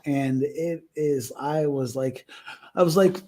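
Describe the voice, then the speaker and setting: Man, young, podcast co-host, animated storyteller, acts out quotes, slightly high pitch. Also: slow pace. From United States. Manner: animated, acts out voices in stories. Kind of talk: casual storytelling chat.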